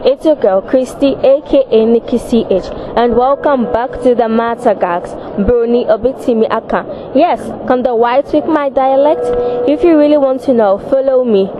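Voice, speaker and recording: A woman's voice: a little high, normal speed. A woman hosting a casual street quiz, asking passers-by friendly questions. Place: outdoors on a city street. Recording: dull street recording with noise.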